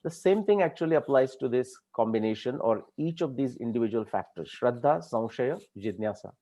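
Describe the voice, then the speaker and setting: A man delivers a lecture in a mellow, relaxed tone. He speaks in a measured, explanatory way and keeps checking in with the audience. His voice sits in an ordinary middle register. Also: medium pitch, highs cut off. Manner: measured and explanatory, peppered with "okay".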